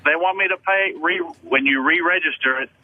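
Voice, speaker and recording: A man's voice: fairly high pitch, brisk, a little hiss or hum. A man from Australia with an Australian accent worn down by years in Texas, calling in to a radio show and talking bluntly, with casual swearing. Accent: Australian, softened by years in Texas. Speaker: caller. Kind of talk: phone call to a radio show. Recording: tinny phone line.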